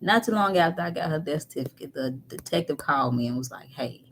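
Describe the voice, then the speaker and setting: A woman telling a painful personal story candidly, moving between animated talk and near-whispers. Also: deep voice, fast talker, a little hiss or hum. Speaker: guest. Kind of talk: emotional storytelling.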